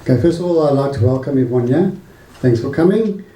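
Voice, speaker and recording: A middle-aged man, the bride's father, giving a wedding speech with a joke and a short poem, in a relaxed storytelling way. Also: medium pitch, fast, reverberant, very noisy. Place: wedding reception hall.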